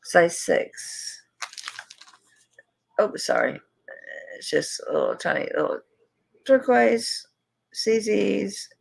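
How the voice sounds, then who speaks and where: A Southern US accent colors this woman's medium-pitched, expressive voice, which is creaky and slightly rough, with drawn-out words and frequent pauses on a rough recording. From Tampa, Florida, USA, she hosts a live jewelry sale, chatting casually in live-stream selling fashion and rambling to herself as she searches her table.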